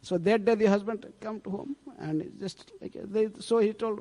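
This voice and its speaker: High-voiced swami in reverberant hall. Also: male voice, steady tone, moderate pace, few pauses, mellow. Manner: conversational, frequent rhetorical "eh?". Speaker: preacher, swami. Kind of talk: storytelling scripture lecture. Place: temple hall.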